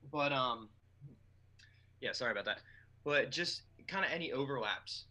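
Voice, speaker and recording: A man's voice: medium pitch, animated, moderate pace, sharp tone, poor audio. A man hosting an interview, asking long, meandering questions full of fillers. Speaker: interview host.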